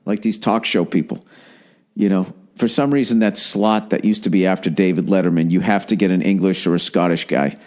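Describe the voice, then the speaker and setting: A middle-aged American man hosts a podcast, delivering a rambling, exasperated comic monologue full of profanity and mimicking people in high voices. His voice is steady, a little mellow, and fairly quick.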